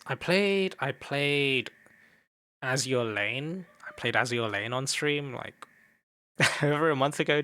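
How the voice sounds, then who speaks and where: A man's voice: medium pitch, bright, forceful tone, no room sound. A young man casually commenting on a game while streaming, chatting with viewers and swearing offhandedly.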